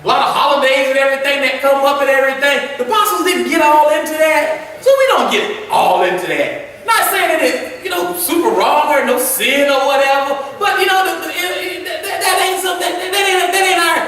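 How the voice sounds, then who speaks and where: A man's voice: very high voice, animated, brisk, few pauses, bright, forceful tone. A man teaching a Sunday school Bible lesson as a deacon, in a folksy way, laughing often and repeating words. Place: church. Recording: echoey church room from far off.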